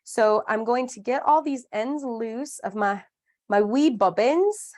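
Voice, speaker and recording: A woman's voice: on the high side, animated, slow pace, a little mellow. A woman in her thirties leads a live online craft lesson, chatty and upbeat. She explains each step with playful asides and a friendly, conversational pace. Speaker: craft class instructor.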